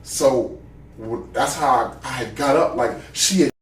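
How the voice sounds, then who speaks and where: A man's voice: medium pitch, measured pace, roomy sound, recorded from a distance. A man giving a witness statement in a police interview, talking in an agitated, profane way and often repeating himself.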